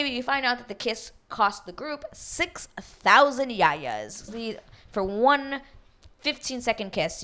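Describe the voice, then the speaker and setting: A woman hosting a reality TV recap, chatting casually in a gossipy, animated way, swearing freely and acting out what the cast members said. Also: mid-range voice. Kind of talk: casual chat.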